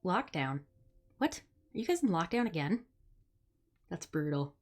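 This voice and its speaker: A woman's voice: lowish voice, very animated, measured pace, a little mellow. A young woman from the Midwest, hosting a live stream in casual chat, blunt and sarcastic, swearing freely. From Midwest United States. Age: young adult. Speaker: streamer host.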